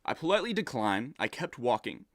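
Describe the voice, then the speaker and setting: A man reads viewer stories aloud and reacts to them, his pitch sitting in an ordinary middle range. He speaks in an animated, exasperated way that turns into ranting. The recording is dry and close. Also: brisk, no echo. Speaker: content creator reading viewer messages. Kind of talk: reaction commentary.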